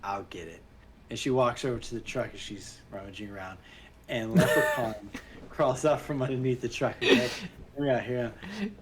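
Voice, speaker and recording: A man's voice: medium pitch, moderate pace, very noisy. Man chatting casually about a movie. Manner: animated, laughing, acts out scenes. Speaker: podcast co-host. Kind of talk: casual chat recapping a movie.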